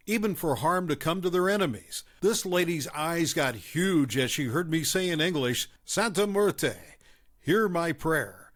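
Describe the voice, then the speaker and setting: Lively male story narrator. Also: fairly high pitch. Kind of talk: reading stories aloud.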